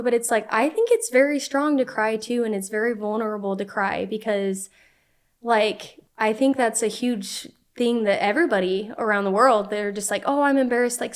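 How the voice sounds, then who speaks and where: A woman's voice: mid-range voice, smooth. A woman in her twenties, a podcast guest telling personal stories in an earnest, casual way, peppering her speech with "like.". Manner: earnest, heavy use of "like" fillers. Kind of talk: casual conversational storytelling.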